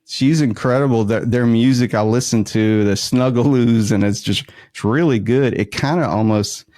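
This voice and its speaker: A man's voice: mid-range voice, moderate pace, warm tone, dry recording, clean studio sound. A man with a Southern US accent hosting a casual podcast interview, rambling with fillers and laughing often. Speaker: podcast host.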